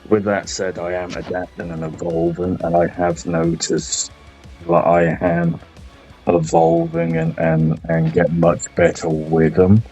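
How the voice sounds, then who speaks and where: A man chatting casually about a game, relaxed and swearing freely. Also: low-pitched, unhurried, creaky. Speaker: gaming podcast host. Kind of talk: casual chat. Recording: muffled lo-fi sound, faint music.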